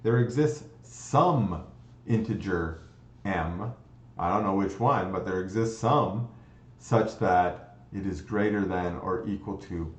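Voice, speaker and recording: A man teaching a computer science lecture, explaining step by step, restarting phrases and checking in with "okay?". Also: low voice. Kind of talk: recorded lecture. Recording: dull, roomy lecture recording.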